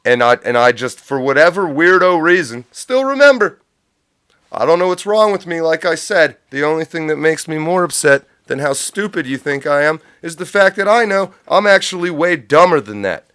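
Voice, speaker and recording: A man rants on his livestream in a profane, sarcastic, meandering way. His voice sits a little high and comes through smooth and clear. The close mic gives a dry sound with no room around it. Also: animated, moderate pace, fairly bright tone, no echo. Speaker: livestream host. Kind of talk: unscripted livestream rant.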